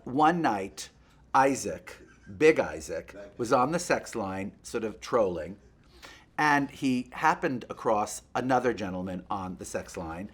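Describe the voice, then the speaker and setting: Male host, gossipy and playful, lively swoops in pitch, mid-pitched voice. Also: husky. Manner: animated, chatty, breaks into quick impressions. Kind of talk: gossipy comic monologue to a puppet.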